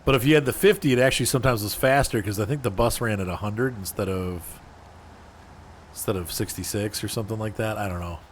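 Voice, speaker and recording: A man offers casual commentary while playing a driving game on stream, replying to chat viewers by name. He talks fast in a lowish voice, with slight background noise.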